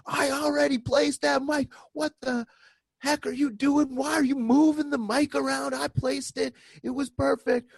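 Field: figure. Value: a man shouting as a furious stubborn sound tech. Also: high voice, normal speed, hardly any pauses, husky, no room sound, pitched above the performer's own voice. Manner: shouting, indignant.

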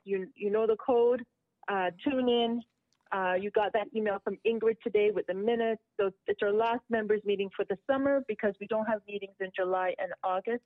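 A woman from a community association calling in to a radio show, giving upbeat announcements and shout-outs. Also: medium pitch, no room sound. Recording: tinny phone line.

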